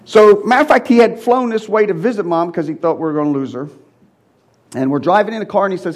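A middle-aged male preacher giving a sermon with personal testimony, swinging from loud, high exclaiming to quiet, low confiding. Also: very animated, brisk.

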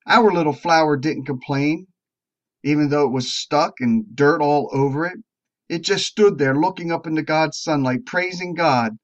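A man preaching to a recovery group, telling a parable slowly and drawing out words with emphatic rises. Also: a little high. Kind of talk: sermon storytelling. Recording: dull lo-fi recording.

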